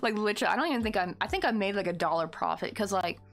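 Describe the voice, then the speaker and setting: Chatty woman rambling over soft music. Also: medium pitch, expressive, racing. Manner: rambling and chatty, many fillers, laughs easily. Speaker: crochet livestream host. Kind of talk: casual livestream chat while crocheting.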